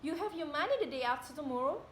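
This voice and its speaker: A proud, quick-tempered young widow, played by a young woman, delivers her lines in a high, bright voice. She declaims and swells into sharp, indignant outbursts. The room around her rings with echo. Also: expressive, a little hiss or hum. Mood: cool refusal. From Indonesia. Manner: declamatory, rising to indignant shouting. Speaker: student actor. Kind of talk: amateur stage drama reading. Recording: echoey room.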